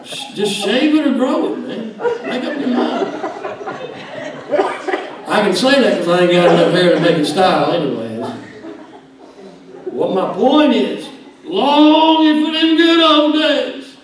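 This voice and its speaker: A middle-aged man, preaching a sermon in a folksy, joking way that swings from quiet asides to loud shouting. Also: sits high, very animated, a little slow, pauses often, crowd noise. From Alabama. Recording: echoey church hall from far off.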